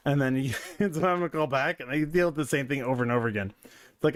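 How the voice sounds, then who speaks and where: Man, business coach, casual commentary, dry close sound, mid pitch, rambling. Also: rapid-fire, no echo. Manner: conversational, digressive, filler-heavy.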